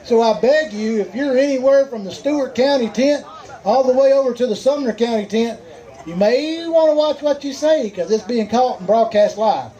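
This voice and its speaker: A man with a Southern US accent calls out weights at a live outdoor fishing weigh-in, his voice pitched very high yet mellow in tone. He keeps up folksy, joking banter with anglers and the crowd, upbeat and easygoing. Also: expressive, normal speed, dull audio. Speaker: tournament weigh-in emcee.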